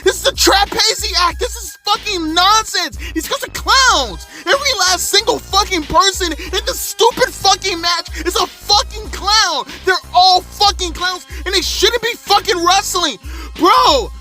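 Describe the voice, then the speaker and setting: A man's voice: very high-pitched, bright, forceful tone. A man in his thirties reviewing a wrestling show in an angry, profane rant from inside his car, repeating himself and swearing constantly. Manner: exasperated, repetitive, swearing constantly.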